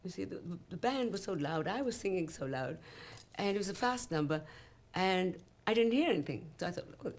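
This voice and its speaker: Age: adult. Sex: woman. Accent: Welsh. Pitch: a little low. Style: animated interview storytelling, full of "you know". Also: fairly quick. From Wales. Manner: animated, acts out remembered dialogue, many "you know"s. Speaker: singer interviewed about her career.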